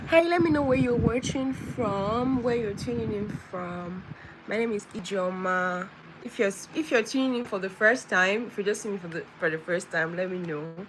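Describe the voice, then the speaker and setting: A woman's voice: medium pitch, moderate pace. A woman hosting a casual travel livestream, chatty and greeting her viewers again and again. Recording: loud vehicle noise behind.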